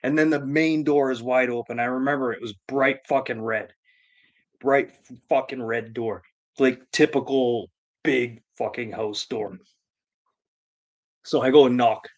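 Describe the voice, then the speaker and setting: A man spins a yarn on a live stream, swearing freely and circling back to repeat his points. His voice sits at an ordinary pitch, and his delivery is loose, crude and emphatic. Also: steady tone, measured pace, highs cut off. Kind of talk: profane comedic storytelling.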